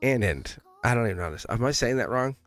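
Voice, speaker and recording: A man with an average-pitched voice chats loosely through a live tarot reading. He laughs often and rambles, breaking off to quote himself. Faint music plays underneath. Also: expressive, fast talker, a bit bright. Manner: chatty, laughs often, rambling self-interrupting stories. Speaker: tarot reader. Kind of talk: casual livestream chat. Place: home studio.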